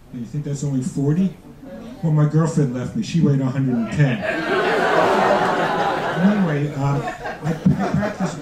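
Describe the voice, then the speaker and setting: A student comedian in his seventies, with a mid-range, dark-toned voice, performs stand-up for a live audience, delivering dry, self-deprecating jokes haltingly with many restarts. The noisy recording is taken from far off in an echoey room, with audience laughter and room noise behind him.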